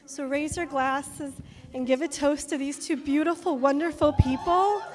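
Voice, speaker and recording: Woman, sister of the bride, nervous toast, high pitch, echoing reception hall. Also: fairly even intonation, moderate pace, background noise. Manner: nervous, laughing, stumbling over words. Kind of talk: nervous wedding toast speech.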